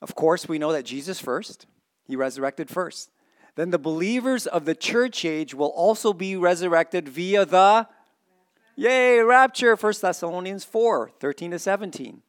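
Animated preacher man, somewhat high voice. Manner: animated, swings from excited shouting to quiet earnest emphasis; reads scripture aloud and quizzes the congregation. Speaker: pastor. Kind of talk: sermon.

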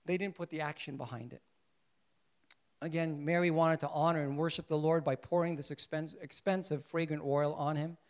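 A man preaching a sermon who keeps asking his listeners questions and answering them, drawing out his key points slowly and softly. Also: on the high side, steady tone. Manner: asks the congregation rhetorical questions and answers them; shifts between soft, slow emphasis and louder bursts.

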